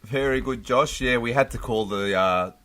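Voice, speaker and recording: A man's voice: medium pitch, normal speed, fairly bright tone. A man, co-hosting a casual podcast, enthusiastic and laughing often. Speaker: podcast co-host. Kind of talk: casual chat.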